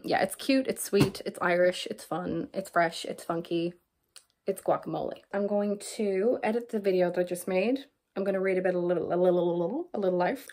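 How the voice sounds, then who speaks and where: A woman's voice: medium pitch, darkish tone. A woman talking casually to camera in a reading vlog, candid, chatty and self-mocking. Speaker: book vlogger.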